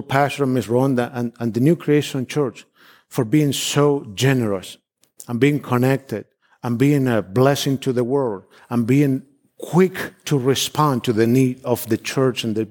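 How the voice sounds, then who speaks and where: A man's voice: mid-range voice, unhurried, darkish tone. Fervent man preaching with an Argentine background. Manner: fervent, repetitive, emphatic declarations; frequent restarts, non-native phrasing. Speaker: visiting missionary preacher. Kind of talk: sermon with personal testimony.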